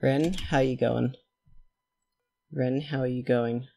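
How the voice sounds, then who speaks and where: This let's play host has a mid-range voice with some vocal fry. He keeps up a chatty stream of gameplay commentary, addressing both himself and his characters, and his excitement builds fast.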